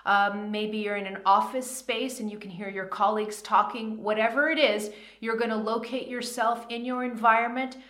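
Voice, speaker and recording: A woman's voice: a little high, fairly even intonation, normal speed, few pauses, fairly bright tone, roomy sound. A woman giving a conversational spiritual teaching talk, often checking in with the listener.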